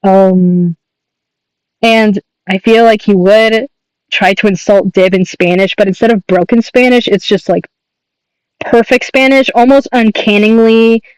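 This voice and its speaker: High-voiced rambling male streamer. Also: fairly even intonation, a little slow, smooth, no echo, low-quality recording. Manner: rambling, enthusiastic, many fillers and restarts. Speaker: streamer and artist. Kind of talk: casual livestream chat.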